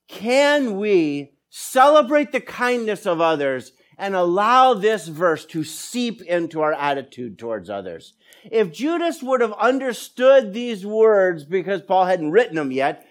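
Animated high-voiced male preacher. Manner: animated storytelling with quoted dialogue. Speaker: pastor. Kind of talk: sermon.

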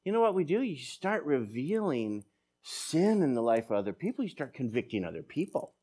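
A man's voice: medium pitch, big pitch swings, fairly quick, warm tone, slightly rough. A middle-aged man preaching a sermon, breaking off into personal stories with self-deprecating humor. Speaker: pastor.

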